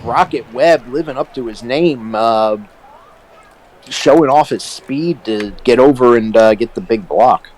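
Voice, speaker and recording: A man giving relaxed color commentary on a basketball game, with frequent filler words. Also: medium pitch, unhurried, low-quality recording.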